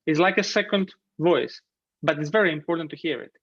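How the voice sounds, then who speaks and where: A man, teaching an online piano masterclass, gently encouraging and singing phrases and counting beats aloud. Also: on the high side, a little fast, husky. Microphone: video call. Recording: muffled video call with piano.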